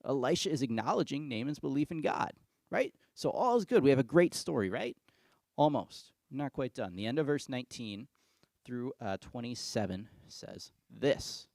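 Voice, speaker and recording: A male pastor giving a sermon, reading scripture and retelling it in a casual, conversational way with lively asides. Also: medium pitch, moderate pace, vocal fry, dry recording.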